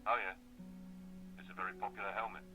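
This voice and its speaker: A blunt British garage worker from an adventure game, voiced by a man with an offhand, gruff delivery. His voice sits fairly low. It is studio game voice acting. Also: fast talker, over music, natural voice, low-quality recording.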